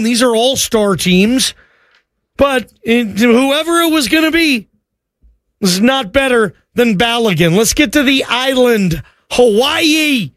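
A male sports radio host with a high voice who talks in an excitable, rambling way, full of restarts. His studio sound is dry and close, with no room in it. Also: no room sound. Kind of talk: call-in radio talk show.

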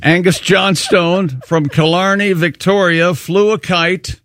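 A man with a slightly high voice reads sports scores and quirky news on a radio show, rattling off numbers and dropping in jokes. The sound is close and dry, with no room around it. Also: fairly even intonation, a bit bright, no room sound. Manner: reads scores quickly, jokes between items. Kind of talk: casual radio show banter, reading news items.

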